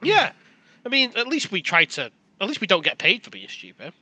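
A British man co-hosting a podcast, ranting and swearing in casual banter, quick to laugh. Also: sits high, wildly swooping pitch, bright, forceful tone, breathy edge, dry recording. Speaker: podcast co-host.

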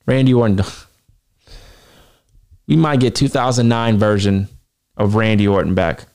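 A man's voice: on the low side, fairly even intonation, unhurried, pauses often, a little mellow, clear, resonant tone. Profane, self-assured male podcast host. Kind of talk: casual solo commentary.

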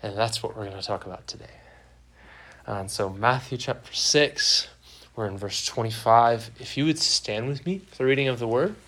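A man's voice: medium pitch, normal speed, fairly bright tone. Young male preacher, easygoing sermon delivery, plays out quotes for laughs, church setting. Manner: conversational, joking preaching with acted-out quotes. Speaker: pastor. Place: church sanctuary.

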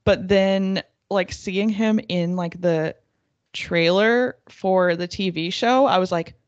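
A woman's voice: medium pitch, takes it slowly, no echo, dull audio. A woman co-hosting a podcast in casual chat, giggling often and filling her speech with "like". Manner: giggly, lots of "like" fillers. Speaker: podcast co-host.

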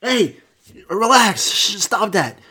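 A man voicing a jumpy male dog that talks like a casual bro, high-pitched and pleading. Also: sing-song, takes it slowly, sharp tone, slightly rough, heavily acted. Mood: alarmed.

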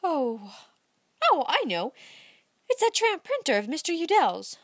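A woman reading aloud, voicing a cheerful, teasing young woman in a bright, lilting voice. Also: high-pitched, very animated, no room sound, studio quality, pitched above the performer's own voice, full character voice. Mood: playful. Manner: bright and lilting, quick to laugh.

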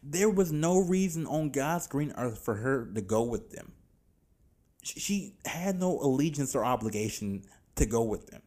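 A man talking loosely and fast in a casual podcast rant, slangy and profane. His voice sits at an ordinary middle pitch, and he swings from low muttering to loud outrage. He sounds like a host speaking straight to his listeners. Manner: animated, profane, exasperated, slangy. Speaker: podcast host reviewing films.

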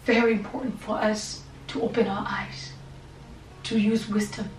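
A woman pastor preaching and praying, impassioned and repetitive, sometimes falling to a soft whisper. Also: mid-range voice, flat delivery, moderate pace. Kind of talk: sermon and prayer. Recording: echoey room, voice from a distance, faint background hum.

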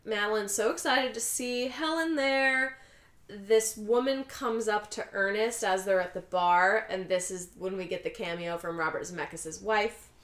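A woman's voice: mid-range voice, moderate pace, a bit bright, reverberant. A woman co-hosting a casual chat, retelling a story and acting out the characters' lines. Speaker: podcast co-host recapping a film.

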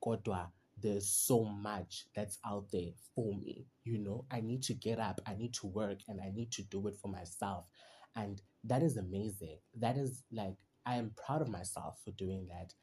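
A young man hosts a solo podcast monologue, chatty and heartfelt, rambling through disconnected thoughts with lots of "you know" and "like." His lowish voice is mellow, at normal speed, with slight background noise.

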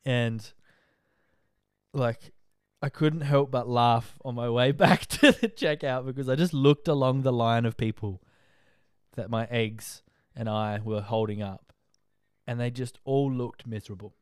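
A man's voice: mid-range voice, a little slow, darkish tone, clear, resonant tone, dry recording, studio quality. A young Australian man hosting a podcast, a tired, rambling and chatty talker full of filler words. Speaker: podcast host. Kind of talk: casual monologue update.

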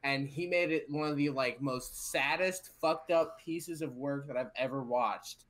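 A man's voice: mid-range voice, measured pace, fairly bright tone, slight background noise. A man in a casual podcast chat, telling a story with swearing and frequent rhetorical "right?". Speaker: podcast co-host.

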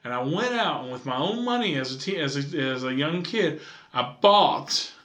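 A man's voice: fairly high pitch, lively intonation, moderate pace, fairly bright tone, echoey room. A man on a podcast, telling a childhood story in casual chat and acting out his family's voices with lots of laughter. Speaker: podcast co-host.

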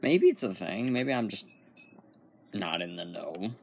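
A man's voice: low-pitched, very animated, unhurried, gravelly, darkish tone, a little hiss or hum. A young man with the hiccups chatting casually as a podcast co-host, teasing and rambling through a story. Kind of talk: casual chat.

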